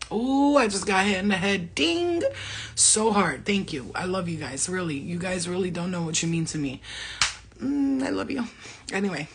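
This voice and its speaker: A woman's voice: lowish voice, lively intonation, fairly quick, hardly any pauses, slight background noise. A middle-aged woman talking casually as a spiritual medium, laughing often, swearing and speaking animatedly. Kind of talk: casual livestream talk.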